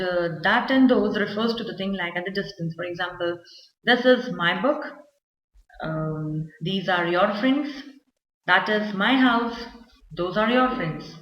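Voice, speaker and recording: A woman gives a classroom grammar lesson. She explains slowly and repeats her examples, with fillers here and there. The recording is roomy and echoey, with a dull, lo-fi sound. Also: mid-range voice. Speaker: teacher.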